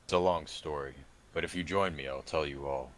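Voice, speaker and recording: A man playing his character in a tabletop game, calm, measured and commanding. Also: a bass voice, slight background noise. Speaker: player. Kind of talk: in-character tabletop role-play.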